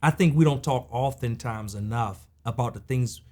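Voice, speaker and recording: A man's voice: mid-range voice, moderate pace, dark tone. A man hosting a podcast in casual chat, easygoing and jokey, who reflects on his own past jobs. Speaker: podcast host.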